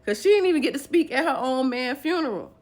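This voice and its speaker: A woman's voice: high-pitched, quick pace. Woman animatedly retelling a dramatic story. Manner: animated, acting out each person's lines.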